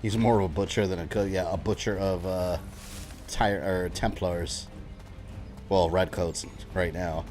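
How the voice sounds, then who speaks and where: A man's voice: low-pitched, fairly even intonation, unhurried, a little mellow. A young man streaming a video game, rambling casually with chuckling asides. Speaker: gaming streamer. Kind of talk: casual gameplay commentary. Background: game music.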